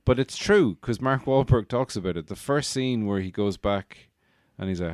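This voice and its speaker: Lowish voiced guy, dry close sound, laid back movie chat, swears a bit. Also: moderate pace, clear, resonant tone, dry recording. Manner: chatty, laughs easily, swears casually. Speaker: podcast co-host. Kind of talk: casual film chat.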